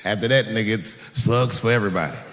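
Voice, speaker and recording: A man performing profane stand-up comedy on stage, acting out stories with shouted sound effects. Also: on the low side, fast talker. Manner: profane, animated, full of acted-out sound effects. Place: stage in a large hall. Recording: echoey hall, faint noise.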